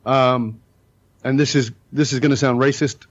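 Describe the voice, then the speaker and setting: A middle-aged podcast guest tells stories at a normal speed, his medium-pitched voice holding a steady tone. He's emphatic and blunt, with the occasional curse thrown in. It's recorded with lo-fi sound.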